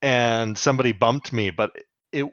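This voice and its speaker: A man's voice: mid-range voice, moderate pace, a bit bright, no echo, muffled recording. A man co-hosting a podcast in casual chat, joking, swearing freely and acting out quotes. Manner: laughs often, swears freely, acts out quotes. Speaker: podcast co-host. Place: home, on the US West Coast.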